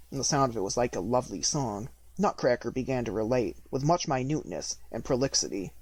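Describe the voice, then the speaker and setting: A man narrating an audiobook of a classic fairy tale at a steady, measured pace. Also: mid-range voice. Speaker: audiobook reader. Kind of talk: storybook narration.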